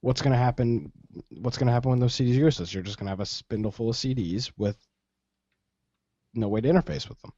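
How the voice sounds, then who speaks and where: A man's voice: medium pitch, quick pace, dark tone, dry recording. A man co-hosting a tech talk show, giving advice insistently in casual speech. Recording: dull lo-fi broadcast sound.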